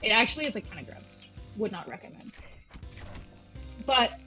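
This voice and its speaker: A woman's voice: mid-range voice, big pitch swings, moderate pace, bright, forceful tone, faint music behind, poor audio. A young woman chatting casually and self-deprecatingly as she comments on a game she is playing at home, drifting off into tangents. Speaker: gaming channel host. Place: at home with her cats.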